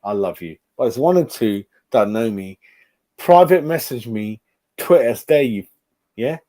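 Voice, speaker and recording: A man's voice: medium pitch, expressive, a little slow, mellow. A man hosting a football fan channel, giving a rambling, swear-filled live-stream reaction to a match. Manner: ranting, heavy swearing, rambling asides.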